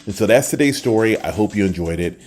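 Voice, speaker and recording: An older man hosting a short podcast, telling a personal story in a casual, lively way and acting out the people he quotes. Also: on the low side, fast, faint music behind. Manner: animated, acts out quoted voices, trails off at the end. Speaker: podcast host.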